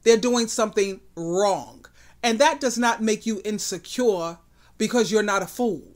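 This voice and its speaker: A woman's voice: medium pitch, a little slow, darkish tone. A woman hosting a commentary vlog, giving emphatic, outspoken relationship advice.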